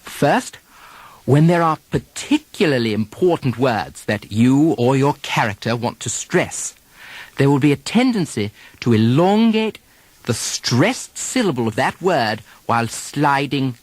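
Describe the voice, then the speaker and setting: A man teaching accent drills on a taped lesson, modeling example sentences slowly and deliberately. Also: mid-range voice, very animated, no echo. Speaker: dialect coach.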